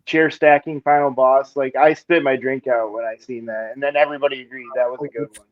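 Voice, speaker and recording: A man's voice: medium pitch, steady tone, brisk, no echo. A man co-hosting a streamed chat show, rambling enthusiastically through his stories. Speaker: podcast co-host. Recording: dull lo-fi stream mic.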